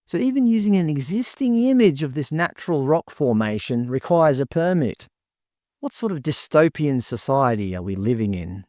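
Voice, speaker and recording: Sarcastic man, lively voice. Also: medium pitch, moderate pace, no echo, clean studio sound. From Australia. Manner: sarcastic, indignant. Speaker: commentary vlogger. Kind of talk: scripted commentary.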